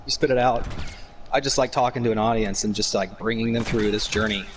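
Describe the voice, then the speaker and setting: A man's voice: on the low side, steady tone, a little fast, noisy background. A man in casual podcast chat, a game commentator explaining his process earnestly and at length.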